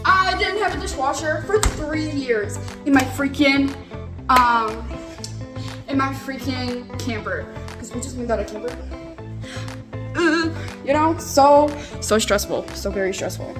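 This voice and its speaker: A young woman giving an excited, gushing tour of her new mobile home, filming on a handheld phone. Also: sits high, a little slow, over music. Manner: gushing, excited, lots of fillers and swearing. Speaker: vlogger giving a house tour. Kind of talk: casual house tour narration.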